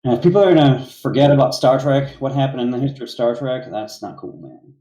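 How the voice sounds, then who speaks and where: A man co-hosts a casual commentary podcast and sounds sarcastic and exasperated. His voice is dark and mellow, and it carries a roomy echo. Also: medium pitch, lively intonation, fast talker. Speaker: podcast co-host.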